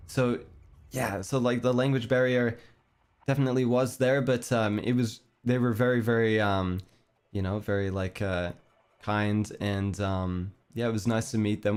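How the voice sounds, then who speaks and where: Low-voiced Canadian man, meandering chat. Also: clean tone. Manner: meandering, hesitant, self-deprecating. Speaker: streamer. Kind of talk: casual chat. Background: faint background music.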